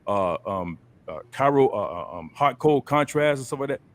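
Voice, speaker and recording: A man's voice: medium pitch, lively intonation, moderate pace. A man hosting a casual group chat over a video call, talking in a loose, colloquial coaching way. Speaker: host.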